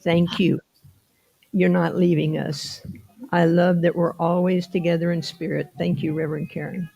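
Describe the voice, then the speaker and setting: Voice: medium pitch, flat delivery, normal speed, gravelly, warm tone, husky, highs cut off. A board member leading a church benediction, speaking in rhythmic, repeated affirmations.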